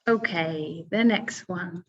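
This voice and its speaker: In a webinar lesson, a woman teaches English pronunciation patiently and step by step, using lots of fillers. Her voice is lowish and slow, and the recording has muffled highs and slight background noise.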